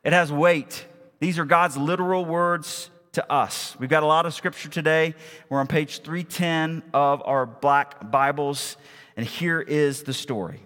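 A man's voice: on the high side, fairly even intonation, a little slow, fairly bright tone, big-room sound. A male pastor preaching in a church, reading a Bible story aloud and acting out the quoted lines with dramatic emphasis. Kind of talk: sermon with scripture reading. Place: church sanctuary.

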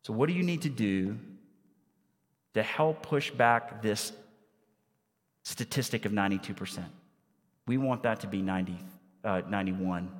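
A pastor with a lowish voice preaches a sermon in a big-sounding room, peppering the congregation with rhetorical questions. His delivery swings between hushed and loud.

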